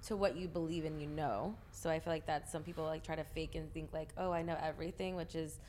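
A woman's voice: low voice, fairly even intonation, quick pace, a little mellow, slight background noise. A woman hosting a casual interview, asking cheeky questions in a teasing, playful way. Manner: teasing, playful, laughs often. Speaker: host.

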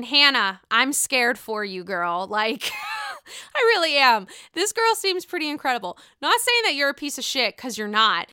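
A young adult woman hosting a casual podcast recap, profane, sarcastic and animated. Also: sits high, smooth, no echo, clean studio sound. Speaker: podcast host.

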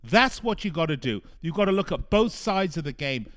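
A man hosts a soccer radio show, ranting in a frustrated, emphatic monologue. His voice sits notably high for a man. He drives each point home by repeating phrases. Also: big pitch swings, moderate pace, few pauses. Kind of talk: opinionated sports talk monologue.

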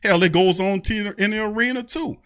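A man's voice: high voice, fairly quick, a bit bright, smooth. A man hosting a fan show, ranting in an angry, profane way. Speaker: sports fan show host. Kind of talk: heated fan rant.

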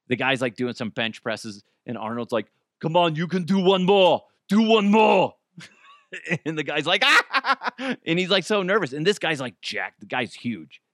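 A man's voice: medium pitch, no echo, studio quality. Joking, profane male podcast host. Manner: animated, joking, profane pep talk. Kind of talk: casual motivational podcast talk.

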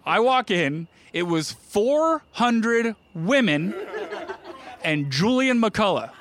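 A high-pitched, somewhat bright voice with big swings in pitch belongs to a middle-aged New Jersey man doing slow-paced stand-up in a comedy club. He tells self-mocking stories and jokes with the crowd, recorded on a live stage mic that catches the room's ambience.

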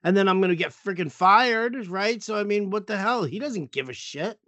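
Casual sports co-host: high, bright voice, dry close sound, profane and exasperated. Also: male voice, lively intonation, moderate pace, no echo, muffled recording. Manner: swearing, exasperated, many restarts.

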